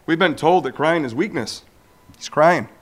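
A man in his forties telling a personal faith story, animated and acting out the voices of people he quotes. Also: normal speed. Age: 40s. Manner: animated storyteller who acts out quoted voices with big pitch jumps. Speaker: speaker sharing a personal testimony. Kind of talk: storytelling testimony talk.

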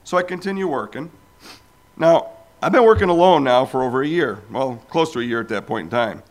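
Brisk and animated, this man in his forties delivers a storytelling testimony about his own life. When quoting others, he performs their voices with large pitch leaps.

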